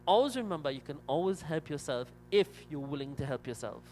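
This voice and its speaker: A man's voice: fairly high pitch, lively intonation, brisk, darkish tone, slight background noise, rough recording. A man officiating at a Hindu funeral and preaching a sermon, with a storytelling manner and repeated "my dear friends".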